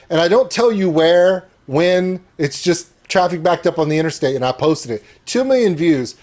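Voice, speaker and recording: A man's voice: fairly high pitch, expressive, normal speed, hardly any pauses, a little mellow. Enthusiastic man hosting an interview. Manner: enthusiastic, rambling. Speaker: interview host. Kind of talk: casual video interview.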